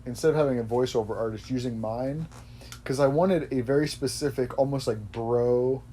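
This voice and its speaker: Guy hosting a podcast, mellow voice, rambles and restarts a lot, bit of background noise. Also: mid-range voice, moderate pace. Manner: rambling, self-correcting, laughs easily. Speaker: podcast host. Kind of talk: casual chat.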